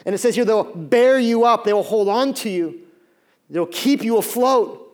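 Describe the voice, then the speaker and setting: Young dad pastor, high voice, animated sermon, acts out the voices in his stories. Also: moderate pace. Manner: animated storytelling, acts out voices, many fillers.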